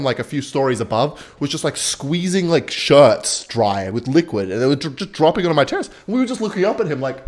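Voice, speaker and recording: A young man giving casual, rambling commentary over a mobile strategy game while telling a story about his neighbor. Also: a little high. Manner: chatty, rambling, switches between game calls and anecdote. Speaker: gaming video creator.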